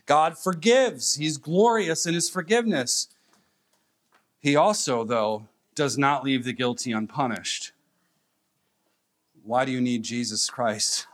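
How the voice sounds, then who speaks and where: A man preaching a sermon to his congregation. He speaks emphatically, with pauses and repeated phrases that drive each point home. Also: mid-range voice, fairly bright tone. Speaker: pastor.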